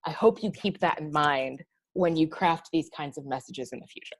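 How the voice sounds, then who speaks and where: A woman's voice: deep voice, moderate pace. A woman co-hosting a podcast, telling a story in casual chat and acting out the emails she got with exasperated flair. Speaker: podcast co-host.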